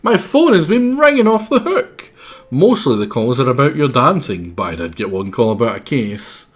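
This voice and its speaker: Man doing a high, sing-song, bouncy cartoon detective boss, eager and lively. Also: moderate pace, slightly rough. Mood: chirpy.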